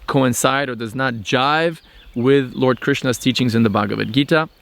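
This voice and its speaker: A man hosting a spiritual vlog, talking thoughtfully with frequent pauses and restarts. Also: medium pitch, creaky, fairly bright tone. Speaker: channel host. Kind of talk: reflective spiritual vlog monologue.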